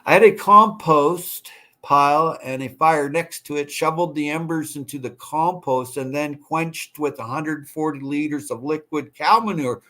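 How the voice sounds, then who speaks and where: In a slightly high, pushed, bright voice at normal speed, a man hosts a casual livestream. He reads viewer comments and chats with the audience in a friendly, rambling manner, restarting often and using lots of fillers.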